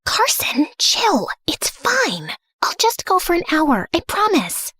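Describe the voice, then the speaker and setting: Young woman telling her story, high bouncy voice, sassy and sarcastic. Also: wildly swooping pitch, slow, bright, forceful tone, dry recording, studio quality. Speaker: narrator and heroine. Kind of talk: first-person animated story narration.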